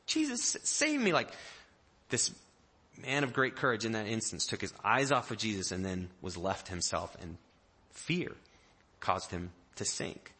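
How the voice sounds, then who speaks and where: A man preaching a sermon with a bright, ringing voice. He tells the story like a lively storyteller, jumping into the voices of the people in it. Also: fairly low pitch, normal speed, breathy edge. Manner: animated storyteller, acting out quotes in varied voices. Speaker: pastor.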